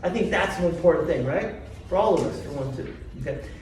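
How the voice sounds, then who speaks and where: High-voiced male chiropractor in an echoey room. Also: animated, a little mellow. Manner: quizzes the audience with quick questions. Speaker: chiropractor teaching a seminar. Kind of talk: live seminar talk to a group. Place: seminar room. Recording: very echoey room, from far off, faint noise.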